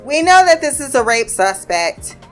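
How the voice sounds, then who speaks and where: A chatty woman with a slightly high voice walks through a TV episode in a casual recap. She swears freely and acts out the characters' lines, often laughing as she goes. Soft music plays faintly underneath. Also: very animated, normal speed. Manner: laughs often while retelling.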